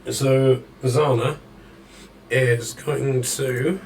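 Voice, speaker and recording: A man running a tabletop game as dungeon master, calling out the action in a measured play-by-play. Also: mid-range voice, steady tone, darkish tone, recorded from a distance, a little hiss or hum, rough recording.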